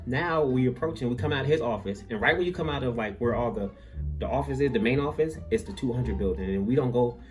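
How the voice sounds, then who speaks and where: A young man telling a comic story from his school days, full of "like" and quick asides. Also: mid-range voice. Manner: animated, filler-heavy, lots of "like". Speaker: vlogger.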